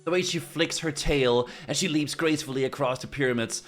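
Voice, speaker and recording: A man's voice: fairly high pitch, a little fast, soft background music, close to an everyday voice. A man voicing a big lovesick talking tomcat, reading game dialogue dreamily.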